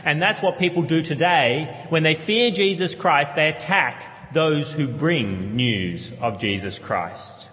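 Earnest pastor preaching in a reverberant church. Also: male voice, on the high side, expressive, slow, few pauses, fairly bright tone. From Australia. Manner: earnest, rhetorical questions, repeats key phrases. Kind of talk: sermon.

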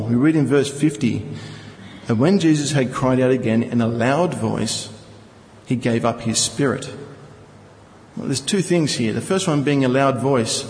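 A man's voice: medium pitch, a little mellow, long reverb tail, rough recording. A male preacher teaching from scripture, reading verses and explaining them with rhetorical questions. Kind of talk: Bible teaching sermon.

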